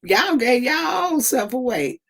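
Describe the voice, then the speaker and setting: A young woman hosts a casual livestream, teasing her viewers with an unhurried, drawn-out delivery. She laughs often and stretches her exclamations. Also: high voice, very animated, breathy edge. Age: 20s. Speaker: livestream host.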